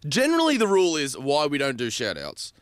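A man's voice: on the high side, brisk, smooth, dry recording. A man with an Australian accent hosting a radio show, telling funny stories in casual banter. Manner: animated storyteller, voicing people in his anecdotes. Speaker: radio breakfast show host.

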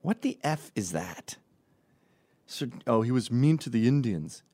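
A man's voice: medium pitch, big pitch swings, measured pace, mellow, no echo. Guy ranting on his podcast, lots of ups and downs in his voice, swears a lot, dry mic. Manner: rambling, profane, jumps between tangents. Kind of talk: comedic rant.

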